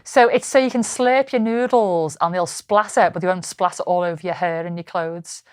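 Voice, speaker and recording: A woman's voice: on the low side, moderate pace, clear, resonant tone. A woman co-hosting a comedy podcast, chatting casually and describing pictures for listeners. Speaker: podcast co-host.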